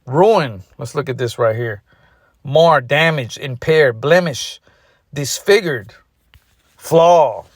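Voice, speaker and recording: A man delivers a furious, profane street sermon in a mid-pitched voice. He hammers each point home and caps almost every phrase with "man". The recording is close and dry, with no room echo. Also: slow. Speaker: street preacher. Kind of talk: angry ranting sermon.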